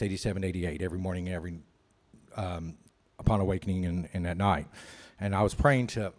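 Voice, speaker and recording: A man telling his recovery story at a meeting, candid and rambling, with many "you know" fillers. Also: on the low side. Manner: candid, self-mocking. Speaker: AA speaker.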